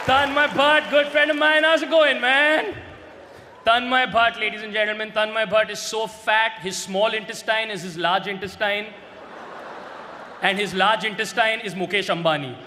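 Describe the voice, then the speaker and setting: A young man, performing a stand-up roast set and shouting his punchlines brashly. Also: high voice, steady tone, moderate pace. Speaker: roast comedian. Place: large indoor stage venue. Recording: live hall with reverb and crowd noise.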